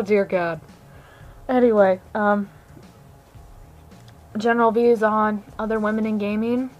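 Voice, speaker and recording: A woman's voice: on the high side, poor audio. A young woman gamer ranting to camera in a brash, sarcastic, profane way about trash talk in online games. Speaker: gamer vlogger. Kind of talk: casual ranting monologue. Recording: faint music underneath.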